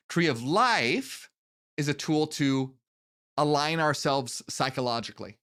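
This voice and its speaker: A man's voice: fairly high pitch, fairly bright tone. A man giving a solo explanatory lecture as the channel's host, earnest and step by step, checking in with the listener as he goes.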